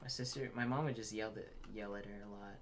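A man's voice: on the low side, steady tone, quick pace, slight background noise. Wry young man teasing a friend. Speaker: podcast co-host. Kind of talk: casual podcast chat.

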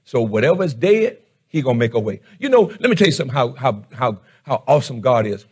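A middle-aged man preaching a fervent sermon as pastor, shouting one moment and dropping low the next. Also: very animated, fairly quick, husky.

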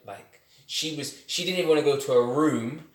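A man telling stories in a casual podcast chat, animated and quick to laugh. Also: on the high side. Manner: animated, laughs often, slangy storytelling. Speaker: podcast guest. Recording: echoey room.

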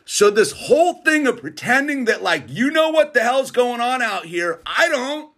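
A middle-aged man hosting his own channel, giving a casual motivational monologue in a slangy, laid-back way, speeding up and slowing down for emphasis. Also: very high-pitched. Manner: laid-back slangy, keeps saying "dude"; animated, swings between fast bursts and slow emphasis. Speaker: channel host.

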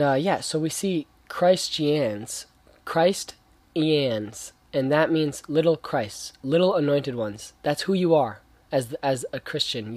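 A man's voice: on the high side, a little mellow, no echo. Young man, earnest casual preacher type, rambling, slangy, dry close sound. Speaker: young Christian speaker. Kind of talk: casual faith talk.

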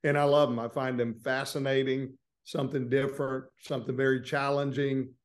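Southern-accented Florida lawyer, easygoing. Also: male voice, mid-range voice, little pitch movement, a little fast. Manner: easygoing, plain-spoken storytelling. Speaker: trial lawyer guest. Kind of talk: casual interview.

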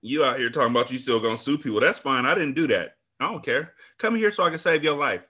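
A fed-up, blunt male doctor fires off rapid, profane scolding at a stubborn patient, as a man mimics him. He talks fast and flat-out exasperated, with no patience left. The voice stays close to the mimic's own. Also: mid-range voice, breathy edge.

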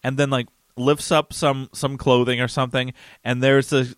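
A man's voice: medium pitch, little pitch movement, moderate pace, smooth, dry recording. A man co-hosting a podcast, recapping a TV episode in a wry, questioning way and correcting himself aloud. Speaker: podcast co-host. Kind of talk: casual chat recapping a TV episode.

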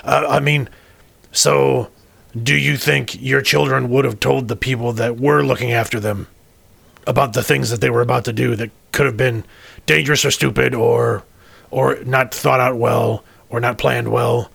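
A wary starship crewman who stammers and restarts his sentences, guarded about his family, as a man plays him in a tabletop game. His voice is gravelly and husky, recorded dry and close. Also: mid-range voice, fairly even intonation, normal speed, a bit bright, dry recording, heavily acted. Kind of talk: tabletop role-play.

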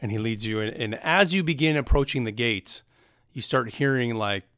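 A young man narrates a tabletop game as dungeon master in a loose, rambling way full of fillers. His voice carries a gravelly edge. The sound is dry and close. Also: medium pitch, moderate pace, a bit bright, dry recording. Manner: casual, rambling, filler-heavy.

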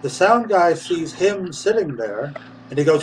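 A man, a puppeteer guest, telling a lively anecdote and acting out the voices of the people in it, laughing now and then. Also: fairly high pitch, normal speed, far from the mic, a little hiss or hum, rough recording. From England. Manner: lively storyteller, acts out voices, laughs often.

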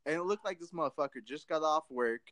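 A man's voice: a little high, animated, fast, fairly bright tone, no room sound. Laid-back, profane man telling stories. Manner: profane, laid-back storytelling with lots of "dude". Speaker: podcast co-host. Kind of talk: casual podcast chat.

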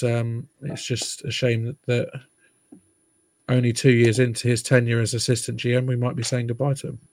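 A man talks through sports news on a podcast, unhurried and thoughtful, pausing on ums. His delivery stays flat and even. The sound is dry, with no room in it. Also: medium pitch, no echo. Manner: measured, halting with ums. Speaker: podcast co-host. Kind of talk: casual sports chat.

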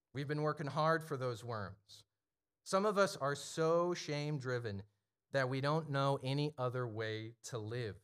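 A man's voice: medium pitch, a bit bright. Conversational man preaching a sermon. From Ohio. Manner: conversational preaching that swells to emphatic, slowed declarations. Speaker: pastor.

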